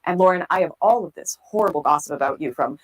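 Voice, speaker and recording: A coaxing, scheming man, all sugary pleading with a pushy edge underneath, as a woman quotes him in her own quick voice. The voice sits a touch higher than her usual talk. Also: poor audio. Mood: wheedling. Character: fawning, scheming man, pleading then menacing.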